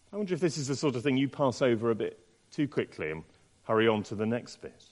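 A man preaching a sermon in an expressive way, asking the listeners many rhetorical questions. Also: on the high side. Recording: long reverb in a large hall.

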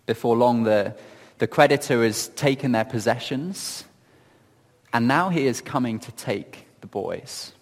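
A man giving reflective Bible teaching in a gentle, earnest storytelling manner, often asking questions of his listeners. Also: medium pitch, unhurried, big-room sound. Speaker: preacher.

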